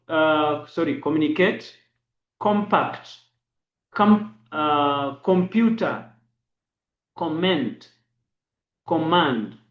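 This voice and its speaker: Slow man teaching in an echoey room. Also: fairly high pitch, lo-fi sound. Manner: slow, spells letters and dot numbers. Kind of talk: braille lesson.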